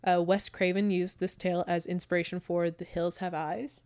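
Low-voiced woman laughing through casual chat. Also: little pitch movement, moderate pace, darkish tone, smooth, dry recording. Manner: laughs often, reads quotes aloud. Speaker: podcast co-host. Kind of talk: casual chat, reading research notes.

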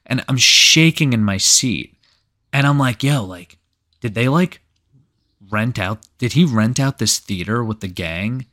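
A man's voice: mid-range voice, animated, measured pace, bright, forceful tone. A man co-hosting a podcast. He tells a story in a rambling, casual way, full of "like" and freely swearing. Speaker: podcast co-host.

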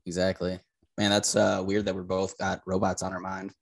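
A man co-hosting a podcast, talking casually with halting speech and many uhs. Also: low voice, monotone, vocal fry, a little hiss or hum. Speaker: podcast co-host. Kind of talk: casual crude comedy chat.

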